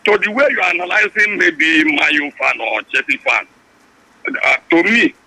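A man calling in to a sports radio show, speaking haltingly and searching for words. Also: fairly high pitch, lively intonation, bright, forceful tone, dry recording. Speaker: caller. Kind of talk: phone-in call. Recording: phone line.

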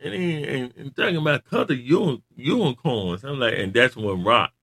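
A man chatting casually, an animated storyteller who laughs often. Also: mid-range voice, moderate pace. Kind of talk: casual chat about wrestling.

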